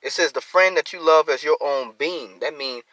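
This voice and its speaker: A man teaching scripture on a live stream, reading verses then explaining them in plain, animated talk with features, acting out the excuses people make. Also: a little high, moderate pace, dry recording, rough recording. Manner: repeats and restarts phrases. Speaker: teacher of a religious group.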